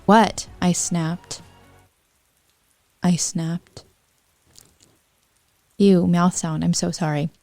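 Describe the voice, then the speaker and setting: Slow, mellow woman reading fanfiction aloud. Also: lowish voice, creaky. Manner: wry, unhurried, breaks off with apologetic asides.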